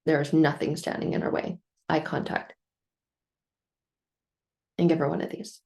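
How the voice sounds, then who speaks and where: A woman's voice: low voice, level tone, unhurried, creaky, darkish tone. A middle-aged woman tells a personal story from her life and draws a lesson from it, in an earnest, emphatic way, repeating phrases for effect. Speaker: vlogger telling a life lesson.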